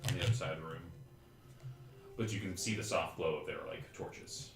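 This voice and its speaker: A man's voice: extremely low pitch, fairly quick, echoey room, soft background music. A man narrating as game master of a tabletop game, in a casual, rambling way full of fillers.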